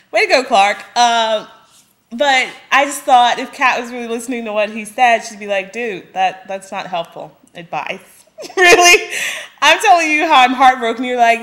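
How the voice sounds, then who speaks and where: Young female reviewer, casual episode commentary, higher voice, giggly, acts out dialogue. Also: expressive, unhurried, fairly bright tone. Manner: chatty and laughing, acts out quoted lines.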